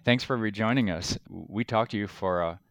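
Low-voiced man hosting a podcast. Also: moderate pace, fairly bright tone, no room sound. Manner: conversational, rambling questions. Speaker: podcast co-host. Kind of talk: interview hosting.

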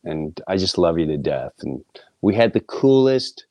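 A man's voice: sits low, a little slow, no room sound, highs cut off. A middle-aged man hosting a podcast, telling a personal story in a blunt, profane, casual way and acting out the people he quotes. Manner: animated, acts out quoted voices, blunt and profane. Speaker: podcast host.

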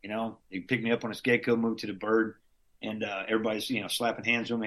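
A male army veteran guest tells stories in a laid-back, slangy way, dropping in curses and chuckles. His voice is lowish and a bit bright, with a level tone, and he talks fast.

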